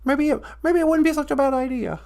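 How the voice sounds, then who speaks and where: A woman's voice: sits high, fast talker, gravelly, a little mellow. A woman voicing a nervous, hesitant male frog puppet who calls in to a live show, stammering and timid. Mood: sheepish. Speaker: caller.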